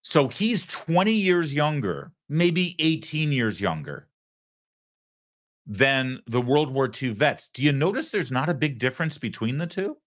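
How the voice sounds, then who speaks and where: A man's voice: mid-range voice, sing-song, unhurried. A man hosting a political commentary show, talking in a sarcastic, indignant way. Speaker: host.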